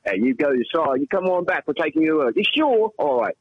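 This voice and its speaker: A man's voice: a little high, sing-song, a little fast, slightly rough, no room sound, lo-fi sound. A man with an English accent calling in to a radio show, rambling and profane in a theatrical way. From England. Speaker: radio caller. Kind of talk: rambling comic call-in chat.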